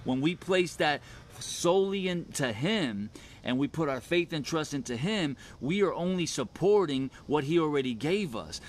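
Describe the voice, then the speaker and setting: A man's voice: on the high side, a little hiss or hum. A man teaching on faith in an informal, earnest and enthusiastic way, with frequent restarts and fillers.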